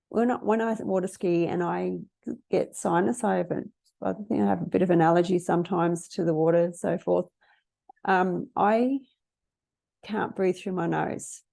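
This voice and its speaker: A middle-aged woman talking casually about breathing and wellness, unhurried and often repeating words as she restarts her sentences. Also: fairly low pitch, gravelly, warm tone, no room sound. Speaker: wellness vlogger. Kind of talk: casual talk to camera.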